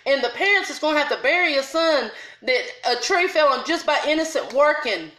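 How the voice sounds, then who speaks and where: A woman's voice: high voice, animated, a little fast, hardly any pauses, fairly bright tone, echoey room, poor audio. A middle-aged woman ranting heatedly and bluntly to camera about a confrontation, in casual dialect grammar. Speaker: vlogger. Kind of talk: angry storytime rant to camera.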